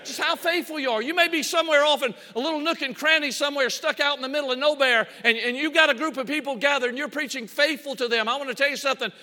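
Male preacher, high bright voice, repeats himself for emphasis, echoing church hall. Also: fast, few pauses. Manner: acts out scripture scenes with quoted voices; repeats words as he builds emphasis. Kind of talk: sermon. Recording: long hall reverb.

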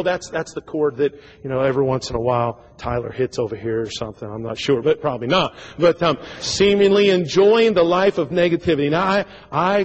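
A man's voice: on the high side, muffled recording, a little hiss or hum. A man in his forties preaching a sermon in a church, folksy and joking, with frequent stammered repeats. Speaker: pastor. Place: church sanctuary.

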